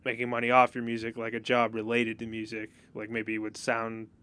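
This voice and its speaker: A young man hosts a casual interview podcast, his voice smooth and clear. He talks in a relaxed way and hesitates often, filling gaps with "like" and "uh". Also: lowish voice, fairly quick. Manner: relaxed, hesitant with many fillers. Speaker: podcast host.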